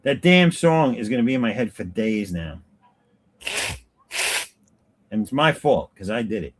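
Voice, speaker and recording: A man chatting casually as a co-host, easygoing, chuckling along and asking quick follow-up questions. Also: mid-range voice, animated. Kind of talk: casual chat.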